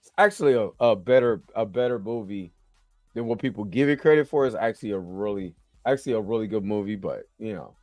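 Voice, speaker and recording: A man's voice: on the low side, a little fast, a little mellow, no room sound, clean studio sound, faint music behind. A tired man, yawning after a long work shift, hosting a casual, slang-filled, rambling review of a TV episode. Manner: rambling, slangy, chatty, keeps asking "you know what I'm saying". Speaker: show host reviewing a TV episode.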